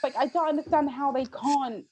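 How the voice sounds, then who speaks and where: A woman's voice: high voice, fairly even intonation, normal speed, a little mellow. A woman with an English accent co-hosting a podcast, chatting casually in a blunt, exasperated way. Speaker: podcast co-host. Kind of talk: casual chat.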